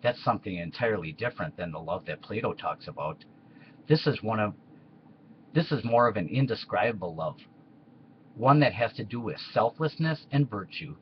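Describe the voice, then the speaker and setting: A man reading a comedy history skit in a deadpan way. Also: fairly low pitch, normal speed, dull audio, slight background noise.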